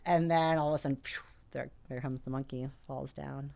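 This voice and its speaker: Low-pitched woman from North America, guest telling a lively story with lots of "like". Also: brisk, gravelly. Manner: animated, frequent "like" fillers, quotes herself. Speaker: podcast guest. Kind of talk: casual storytelling.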